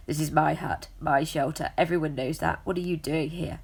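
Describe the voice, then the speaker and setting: A woman reading aloud puts on a hard-bitten female alley cat from a storybook, low and gravelly, with a husky, rough edge. She talks gruff and blunt, snapping out her words with suspicion. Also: steady tone, normal speed, full character voice. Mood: hostile.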